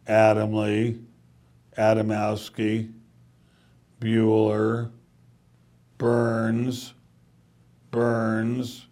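An actor playing a monotone male teacher taking roll, in a flat droning manner, from a film clip. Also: on the low side, drawn-out words, pauses often. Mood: bored.

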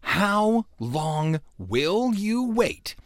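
Animated middle-aged male radio host. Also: high-pitched, drawn-out words, dry recording, studio quality. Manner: animated storyteller, adds sound effects and mock indignation. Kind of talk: casual on-air chat.

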